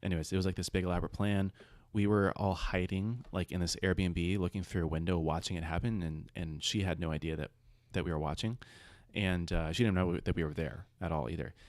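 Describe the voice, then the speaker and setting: Deep-voiced young man rambling casually. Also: steady tone, a little fast, few pauses, darkish tone, no room sound, studio quality. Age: 20s. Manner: rambling storyteller, full of side stories and fillers. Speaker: podcast host. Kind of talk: casual podcast chat.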